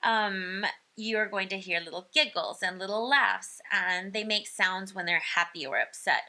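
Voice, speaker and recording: Slow, bright-voiced woman explaining. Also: medium pitch. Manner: explains slowly, many ums, imitates baby sounds. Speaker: speech-language educator. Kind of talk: informal parenting lesson.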